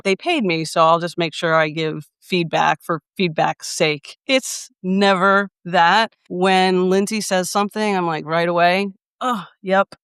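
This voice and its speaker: A woman's voice: lowish voice, fairly bright tone, clear, resonant tone, dry recording, clean studio sound. A woman hosting a podcast interview, upbeat and affirming as she introduces and chats with her guest. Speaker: podcast host.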